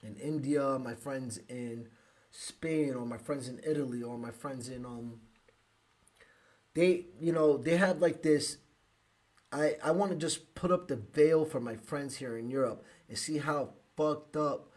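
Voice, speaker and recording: A man from the United States hosting a live podcast, speaking emotionally with halting restarts and sighs. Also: medium pitch, a little mellow. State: emotional, close to tears. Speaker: podcast host.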